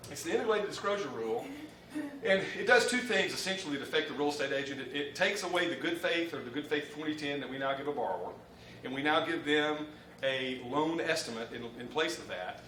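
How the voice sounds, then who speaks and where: A man in his fifties from Alabama with a Southern American accent, a mortgage lender giving a folksy, animated training talk to a live audience. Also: fairly high pitch, a little fast, slight background noise. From Alabama, USA. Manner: folksy, animated storyteller, laughing often. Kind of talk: live training presentation with anecdote. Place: conference room with live audience. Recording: roomy hall, distant mic, ambience.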